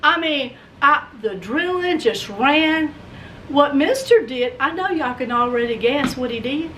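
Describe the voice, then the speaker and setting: Lady vlogger, real high voice, animated storyteller, sounds a bit far from the mic. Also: a little slow, slight background noise. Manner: dramatic, acts out scenes, talks to viewers.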